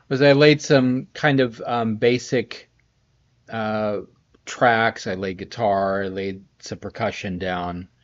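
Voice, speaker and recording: With a fairly low-pitched voice, a sleepy middle-aged composer yawns his way through a casual live stream of a scoring session at his home production studio. He rambles warmly and says hello to viewers by name, all in slightly dull lo-fi stream audio.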